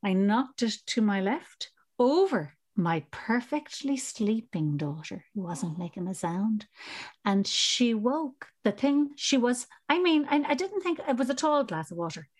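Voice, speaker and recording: Lively Irish woman telling a story. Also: on the high side, unhurried. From Ireland. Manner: animated, laughing, acts out voices. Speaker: podcast co-host. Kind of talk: casual storytelling chat.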